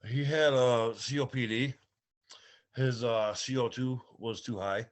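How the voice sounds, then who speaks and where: A man from Michigan, a client at a reading, giving short, quiet answers. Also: medium pitch, fairly even intonation, a little slow. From Michigan, USA.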